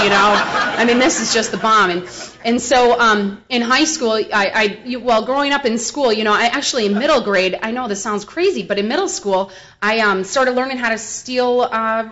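A woman's voice: on the high side, bright, forceful tone. Frank, rambling woman telling her story. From Milwaukee, US Midwest. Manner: frank, humorous, rambling with many fillers. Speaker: speaker sharing at a recovery meeting. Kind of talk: personal testimony, casual storytelling. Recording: dull lo-fi recording.

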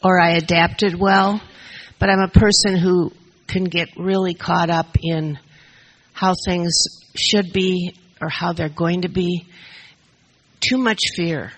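A woman's voice: fairly low pitch, steady tone, slow, poor audio. An older woman sharing her story at a recovery meeting, emotional and a little nervous, speaking into a shared mic. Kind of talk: personal testimony to a group. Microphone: shared handheld mic.

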